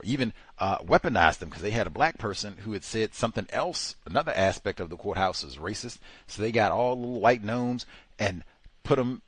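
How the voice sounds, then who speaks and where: A man hosting a talk radio show, talking in a sarcastic, exasperated and animated way. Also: on the low side, dry recording. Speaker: radio host. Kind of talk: casual talk radio commentary.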